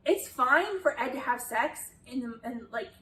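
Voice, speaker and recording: A woman's voice: sits high, expressive, measured pace, bright, forceful tone, echoey room, far from the mic, low-quality recording. A woman chatting casually through a critique of a show, exasperated at times and swearing freely. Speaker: video essayist.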